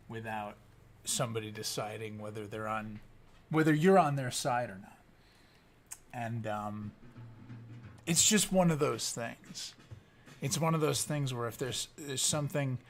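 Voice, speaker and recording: A man's voice: medium pitch, fairly bright tone, slight background noise. Rambling, profane middle-aged man vlogging. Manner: rambling, profane, many restarts. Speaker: YouTube commentator. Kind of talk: casual storytelling commentary.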